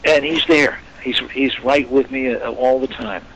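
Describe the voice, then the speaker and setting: Older actor guest, gravelly voice, animated storyteller who does the voices. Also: male voice, medium pitch, unhurried, a little hiss or hum, low-quality recording. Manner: animated anecdotes, acts out quoted voices. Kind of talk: storytelling interview chat.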